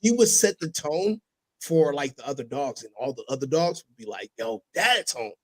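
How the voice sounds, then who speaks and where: A man hosting a casual podcast, telling stories with animated delivery and sudden loud impressions. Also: on the high side, moderate pace, poor audio. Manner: animated storytelling, breaks into loud shouted impressions. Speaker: podcast host.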